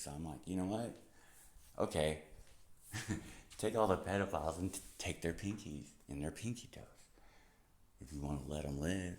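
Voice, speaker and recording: A man's voice: extremely low pitch, darkish tone. A young man talking to camera in a rambling, casual monologue, laughing often and swearing freely. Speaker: vlogger.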